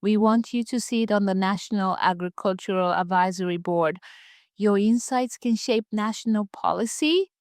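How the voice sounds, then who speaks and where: A woman's voice: medium pitch, moderate pace, smooth, no room sound, clean studio sound, natural voice. A woman voicing a respected elderly chief who speaks in a formal, respectful way, in a storybook telling.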